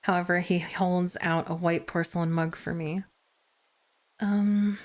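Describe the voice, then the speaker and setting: A woman streamer reading a visual novel aloud, narrating in first person with expressive, self-mocking asides. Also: lowish voice, measured pace.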